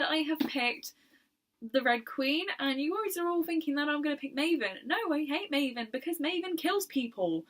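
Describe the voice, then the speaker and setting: A young woman chatting casually about books in her video, enthusiastic and quick to laugh. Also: medium pitch, sharp tone. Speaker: book vlogger. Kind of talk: casual chat.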